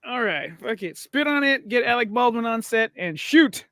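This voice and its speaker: A man's voice: extremely high pitch, animated, normal speed, sharp tone, no echo. A man co-hosting a casual podcast, teasing and laughing often as he makes his award picks. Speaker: podcast co-host. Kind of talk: casual chat.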